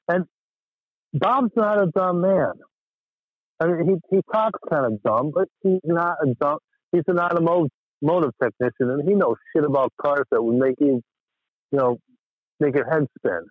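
A man calling in from Western Massachusetts, rambling and exasperated as he tells his story. His slightly high voice comes through a tinny phone line that sounds dry and close. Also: expressive, normal speed, long pauses, slightly rough, no echo. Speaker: caller. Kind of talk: casual call-in chat.

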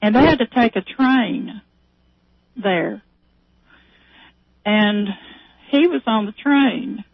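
A woman's voice: mid-range voice, takes it slowly, creaky, pauses often, slightly rough, no room sound. A woman on a call, chatting casually and retelling a story with many fillers and restarts. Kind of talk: casual chat. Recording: tinny phone line.

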